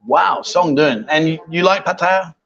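Broadcasting from a bar in Thailand, a man hosts a casual live-stream chat show, joking, teasing, and repeating himself as he goes. His voice is on the high side, unhurried and creaky, and the dull audio has a crowd in the background.

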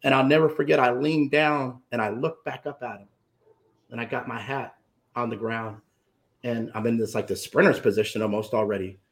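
A guest author, a man with a mid-range voice and fairly even intonation, speaks at normal speed. He tells an emotional story from his own life, acting out the voices of the people involved.

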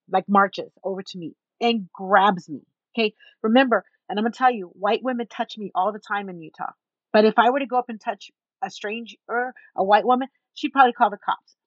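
A woman guest in an interview, telling a story in an animated way and acting out the people in it. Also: medium pitch, dry recording, highs cut off. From Texas. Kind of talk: storytelling in a conversation.

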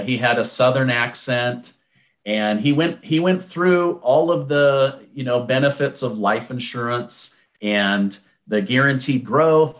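Man telling a story with animated quoted dialogue. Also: medium pitch. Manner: conversational, with many restarts and fillers. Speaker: interview guest. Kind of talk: casual storytelling.

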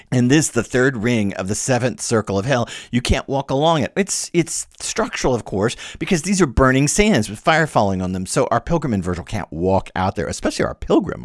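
A man's voice: mid-range voice, no echo, clean studio sound. A man hosting a podcast, lecturing on poetry in a thinking-aloud way full of rhetorical questions. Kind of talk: lecture-style podcast talk.

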